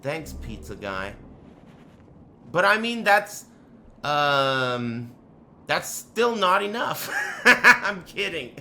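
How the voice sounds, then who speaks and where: A man telling a story in a casual, profane rant, swinging between loud outbursts and low mutters. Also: sing-song, takes it slowly. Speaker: storyteller on a live stream.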